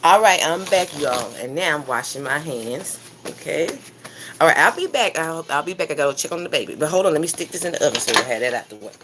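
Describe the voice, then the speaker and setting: A woman's voice: deep voice, lively intonation, fast, background noise. A woman chatting casually to her viewers while she cooks breakfast live in her home kitchen. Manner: chatty, talks straight to viewers. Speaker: cooking vlogger livestreaming. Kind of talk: casual live cooking chat.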